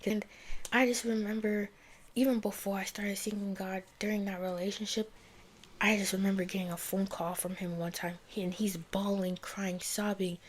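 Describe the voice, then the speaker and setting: A woman's voice: medium pitch, little pitch movement, normal speed, a little hiss or hum. Rambling young woman telling her story. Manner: rambling, many fillers like "like" and "you know". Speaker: vlogger sharing her faith story. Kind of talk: casual personal testimony.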